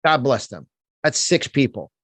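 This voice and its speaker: A man's voice: mid-range voice, big pitch swings, normal speed, a bit bright, no echo. A middle-aged man with a New York accent, speaking as a guest in an interview, emphatic and fired up, often restarting his words. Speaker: guest, motivational speaker and business coach. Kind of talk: passionate conversational interview.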